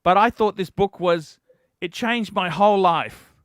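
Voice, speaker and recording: A man's voice: high-pitched, a little slow, a bit bright, dry recording, clean studio sound. A man hosting a livestream, telling a heated, profane story in a ranting chat. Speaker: livestream host.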